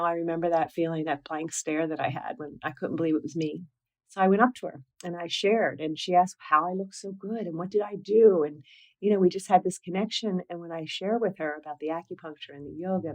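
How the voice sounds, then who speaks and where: A middle-aged woman, founder of a nonprofit, speaking in an earnest, animated way with many "you know"s in a conversational interview. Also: lowish voice, low-quality recording.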